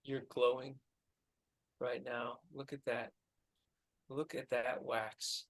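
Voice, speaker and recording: A man with a New Zealand accent plays an improv comedy scene. His voice is mid-pitched, and his delivery stays deadpan, with words drawn out for emphasis. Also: slow.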